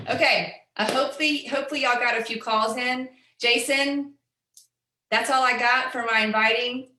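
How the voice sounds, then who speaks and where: A woman's voice: on the high side, steady tone, moderate pace, pushed and bright, reverberant. A woman presenting to a sales team, chatty and openly nervous but upbeat as she demonstrates leaving a voicemail invitation.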